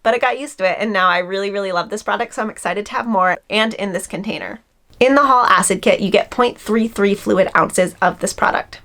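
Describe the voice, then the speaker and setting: A woman in her twenties chatting excitedly as she unboxes and reviews skincare products, gushing and thankful. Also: mid-range voice, a little fast. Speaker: beauty vlogger.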